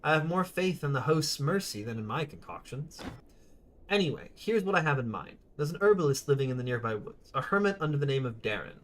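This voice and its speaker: A man's voice: a little high, animated, fairly quick, lightly acted. A man reading the lines of a mild-mannered bald village priest in a game, earnest and explaining.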